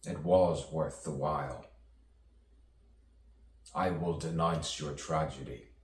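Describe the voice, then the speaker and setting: A man with an extremely deep voice delivers a spoken-word monologue slowly, leaning on rhythm, repetition and wordplay. He sounds set back from the mic in an echoey room. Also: far from the mic.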